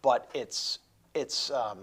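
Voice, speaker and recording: A man's voice: medium pitch, takes it slowly, fairly bright tone, a little hiss or hum. A man hosting a casual interview chat, rambling and joking with lots of restarts. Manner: rambling, jokey, many restarts. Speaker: host.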